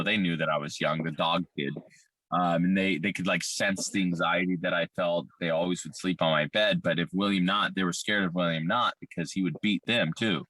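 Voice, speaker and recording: A man recounting a painful childhood experience in candid, profane, halting personal testimony full of fillers. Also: low-pitched, pushed and bright, no echo. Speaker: survivor telling his story.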